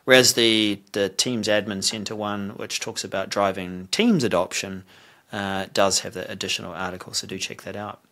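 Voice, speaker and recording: A man with a fairly low voice hosts a casual tech podcast. He runs through software news and drops wry, teasing remarks along the way. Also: flat delivery, moderate pace. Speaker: podcast host.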